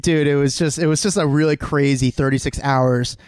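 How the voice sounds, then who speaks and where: A man's voice: on the high side, fairly quick. A man, a podcast co-host telling a long story at home in casual chat, acting out the voices and swearing freely. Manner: animated, swears freely, acts out quoted voices.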